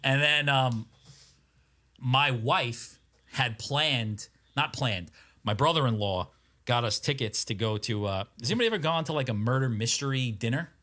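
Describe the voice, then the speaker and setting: A man with a Long Island New York accent spins a long, profane story for his podcast co-hosts. His voice is bright and forward, and he wanders through the tale with plenty of asides. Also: medium pitch, expressive, moderate pace. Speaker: podcast co-host. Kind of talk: casual chat.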